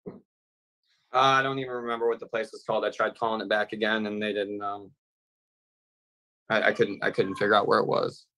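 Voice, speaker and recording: A man's voice: on the low side, flat delivery, a little fast, pauses often, sharp tone, no echo, low-quality recording. Rambling man on a video call. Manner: long-winded, meandering, filler-heavy. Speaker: defendant in a court hearing. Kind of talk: rambling joke storytelling.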